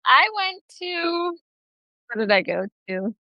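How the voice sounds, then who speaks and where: A woman's voice: very high voice, very animated, slow pace, no echo. A young woman co-hosting a podcast, chatting casually and rambling through her stories with frequent self-corrections. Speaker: podcast co-host. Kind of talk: casual chat. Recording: dry, slightly dull remote audio.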